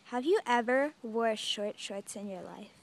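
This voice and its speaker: A young woman chatting playfully with a friend outdoors, narrating what happens and telling an animated story. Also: a little high, a little slow, a little hiss or hum. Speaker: friend filming a home video. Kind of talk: casual chat between friends. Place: outdoors on a tree swing.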